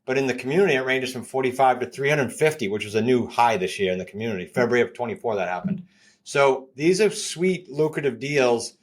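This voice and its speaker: A man in his fifties with a New England accent, a guest on a podcast interview, pitching his ideas with energy and repeating key points. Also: fairly quick. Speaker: guest, real estate coach.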